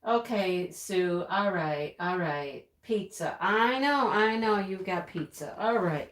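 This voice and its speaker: A woman's voice: fairly low pitch, slow. A woman hosting a casual craft live stream, chatting and greeting viewers one by one with frequent laughs. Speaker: livestream host. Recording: echoey room, own speakers feeding back.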